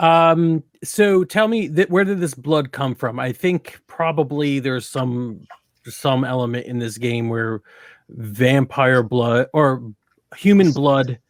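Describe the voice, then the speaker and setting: A man's voice: medium pitch, slow, no echo. A man narrating as game master of a tabletop game, musing aloud.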